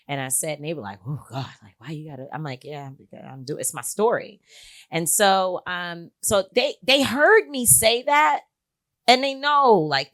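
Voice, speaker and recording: A middle-aged woman speaking as an interview guest. She tells personal stories frankly and earnestly, with a slightly low voice. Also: fairly bright tone. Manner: earnest, frank, with frequent filler words. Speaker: guest, activist and author. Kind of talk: candid personal storytelling.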